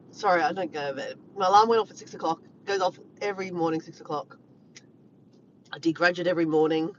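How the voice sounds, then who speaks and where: A woman, chatting excitedly to viewers on a phone live stream at the beach. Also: mid-range voice, muffled recording, slight background noise. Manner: chatty, excitable, repeats herself. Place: outdoors, driving to and walking at a beach. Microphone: phone held in hand.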